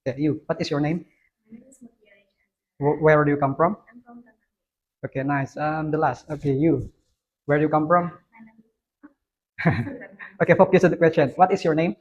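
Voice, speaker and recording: A man's voice: on the high side, steady tone, a little slow, pauses often, muffled recording. A male university English lecturer with an Indonesian accent, quizzing students one by one in a classroom and mixing Indonesian with English. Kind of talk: classroom teaching.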